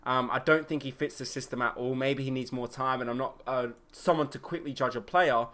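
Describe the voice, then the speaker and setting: A young man hosting a solo football podcast, excitable and opinionated, with plenty of fillers. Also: mid-range voice, brisk. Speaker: podcast host. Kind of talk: solo football match review.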